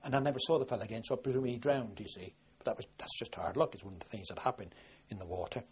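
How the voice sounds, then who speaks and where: Heard on a dull, lo-fi archival recording with a crowd in the background, a mid-range male voice talks rapid-fire. He's an elderly veteran from southwest England giving an oral history, his plain-spoken recollections rambling and full of restarts.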